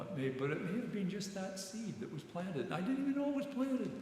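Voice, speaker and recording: A man's voice: on the high side, darkish tone. Older man, rambling sermon in echoey hall. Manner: rambling, halting storytelling with many repeated words. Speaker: retired military chaplain giving a reflection. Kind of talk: informal sermon reflection. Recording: very echoey church hall, long reverb, faint background noise.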